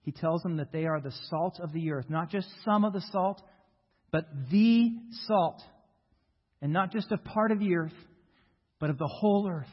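American man, pastor, high voice, earnest emphatic sermon, echoing church hall, dull lo-fi sound. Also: slightly rough. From United States. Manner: earnest, emphatic preaching with slow stressed phrases. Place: church sanctuary.

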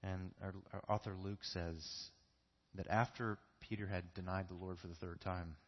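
A man's voice: low voice, level tone, normal speed, muffled recording. A man preaching a sermon in a church, earnest and repeating key phrases for emphasis. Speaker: pastor.

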